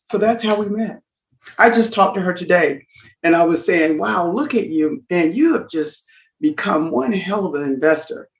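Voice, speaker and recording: A middle-aged woman talks through a personal story with lively emphasis, as a guest on an interview podcast. Her voice carries a roomy echo. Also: fairly low pitch, normal speed. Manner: animated, emphatic storyteller who acts out dialogue. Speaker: guest entrepreneur.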